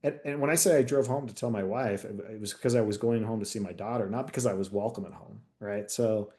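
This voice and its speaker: A man's voice: on the low side, quick pace. A retired detective sergeant from the United States, a man, telling a candid story in a casual interview and acting out the dialogue. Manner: candid, animated storyteller who acts out quoted dialogue.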